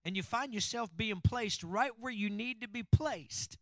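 Man, preacher, very high voice, dry close sound, calls out to the crowd. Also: unhurried, pushed and bright, no room sound. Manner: preachy call-and-response with congregation. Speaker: pastor. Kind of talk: sermon.

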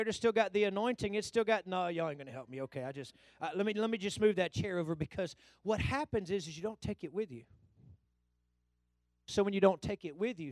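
A man preaches with a very high voice. He drops to low asides, then builds into loud call-and-response shouts at his congregation. The sound is dry and close. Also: dry recording. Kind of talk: sermon. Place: church hall.

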